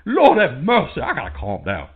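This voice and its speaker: A prank caller playing a flustered, fussy character who stammers and scolds. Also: male voice, on the high side, wildly swooping pitch, brisk, husky, full character voice. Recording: tinny phone line.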